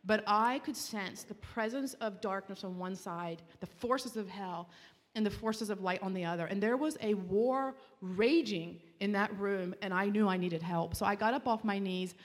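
Woman telling her testimony in a reverberant hall. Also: medium pitch. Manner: earnest and heartfelt, with halting restarts. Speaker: speaker giving a Christian testimony. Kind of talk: personal testimony storytelling. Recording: long reverb, as in a large hall.

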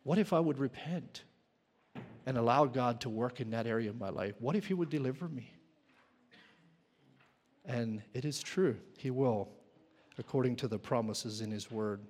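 Male pastor, earnest sermon delivery with restarts, medium pitch, recorded with long hall reverb. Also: normal speed, pauses often, darkish tone. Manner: earnest, repeats words and restarts, clears throat.

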